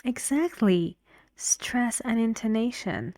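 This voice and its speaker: A woman teaching English pronunciation in an online lesson, explaining slowly and encouragingly, at times dropping to a half-whisper. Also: fairly high pitch, expressive, mellow, dry recording, clean studio sound.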